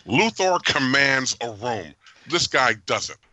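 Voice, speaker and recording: A man hosting a podcast, giving an animated, jokey and opinionated movie review with frequent laughs. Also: medium pitch, slow pace. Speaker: podcast host. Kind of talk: casual movie review chat.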